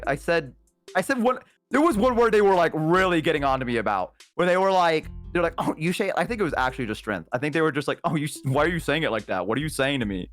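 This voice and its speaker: A young woman with a Southern accent talks casually on a stream, her fairly low voice leaping all over the place as she teases and laughs. She sounds animated and playful. Soft music sits faintly behind her.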